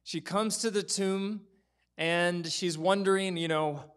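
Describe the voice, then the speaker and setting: High-voiced pastor preaching with drama. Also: male voice, slow pace, a bit bright. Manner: storytelling, acts out quoted voices, drops to whispers. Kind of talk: sermon. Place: church.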